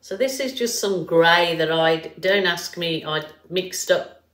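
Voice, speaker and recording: Slow, chatty Birmingham-accented woman. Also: lowish voice, roomy sound. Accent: Birmingham English. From England. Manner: chatty and rambling, many fillers. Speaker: art tutorial host. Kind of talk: casual painting tutorial.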